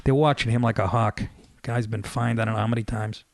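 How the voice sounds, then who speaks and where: Fifty-something New radio host, profane storyteller, dry close mic. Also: male voice, mid-range voice, steady tone, fairly quick, no room sound. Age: 50s. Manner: profane, storytelling, laughs mid-sentence. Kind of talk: casual monologue.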